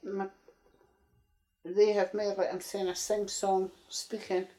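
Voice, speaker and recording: A woman's voice: medium pitch, little pitch movement, takes it slowly, mellow, rough recording. A woman with a north-east Scottish accent, rambling and chatty as she reminisces in an interview. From north-east Scotland. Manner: chatty, rambling, frequent "aye" and "uh-huh". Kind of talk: casual reminiscing chat.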